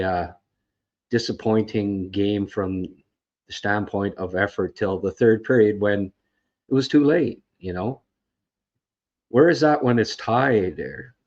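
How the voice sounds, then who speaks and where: A man's voice: on the low side, darkish tone. A man hosting a podcast, giving a casual game recap in a frustrated, rambling way, full of fillers and restarts. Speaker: podcast host. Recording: dull lo-fi sound.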